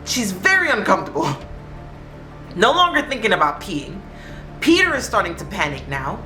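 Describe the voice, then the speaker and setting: A woman's voice: mid-range voice, moderate pace. A woman telling a spooky story in a casual, conversational way, in an echoey room with faint music behind. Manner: animated, conversational.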